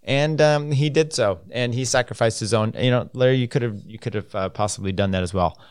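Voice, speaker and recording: A man hosts a relaxed solo podcast at a close mic. He drifts between reading news items and offhand commentary, full of fillers and restarts. The recording is dry and close, with his voice at an ordinary middle pitch. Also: fairly quick, clean tone, dry recording. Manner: loose and rambling, many fillers, offhand asides. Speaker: podcast host.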